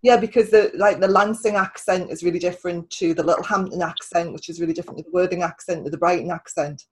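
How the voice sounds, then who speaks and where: A woman's voice: on the low side, steady tone, fast, husky, poor audio. A woman writer hosting a casual interview, talking in a chatty way with many restarts and repeated words. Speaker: podcast host and writer.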